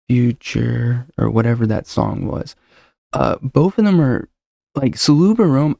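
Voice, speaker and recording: A gravelly, warm, mid-range male voice comes through clean and studio-quality with no room sound. The man hosts his own casual solo podcast, chatting into a desk mic with a noise suppressor, rambling, joking and talking over himself.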